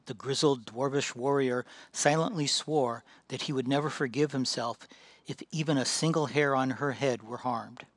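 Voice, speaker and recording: A man reading a fantasy tale aloud as narrator, measured and dramatic. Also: medium pitch, dry recording.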